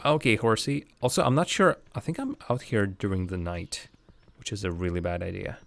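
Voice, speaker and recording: A man's voice: fairly low pitch, a little fast, vocal fry, slight background noise. A man giving casual, rambling commentary while streaming a game live, chatting with viewers and laughing often.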